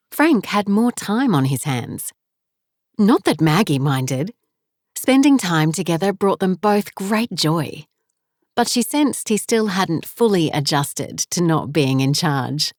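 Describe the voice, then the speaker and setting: A woman narrating an audiobook in an unhurried, measured reading. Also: on the low side, no echo, studio quality. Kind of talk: scripted narration.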